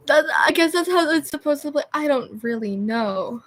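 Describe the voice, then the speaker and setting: A woman's voice: high voice, expressive, moderate pace. A young woman chatting on a livestream, rambling and losing her train of thought with constant filler words. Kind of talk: rambling live-stream chat.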